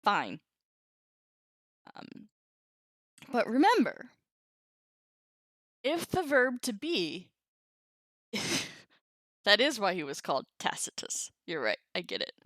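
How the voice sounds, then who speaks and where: A woman's voice: medium pitch, sing-song, a little slow, pauses often, pushed and bright, dry recording, clean studio sound. A woman teaching a language lesson on a live stream, chatty, laughing often and reacting to viewers' comments.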